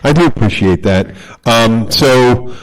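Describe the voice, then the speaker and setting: A man co-hosting a casual podcast, telling a story in a profane, animated way and acting out the quotes. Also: mid-range voice, takes it slowly, poor audio. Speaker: podcast co-host.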